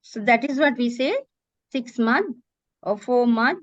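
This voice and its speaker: A woman teaching Quran recitation in an online lesson, demonstrating words slowly and often correcting herself. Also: on the high side, no room sound. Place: online video call. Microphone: computer mic on a video call. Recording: dull, dry video call audio.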